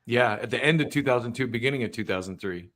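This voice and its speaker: A man's voice: mid-range voice, fast, fairly bright tone. A man hosting a live stream and chatting casually while waiting for a guest. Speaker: host.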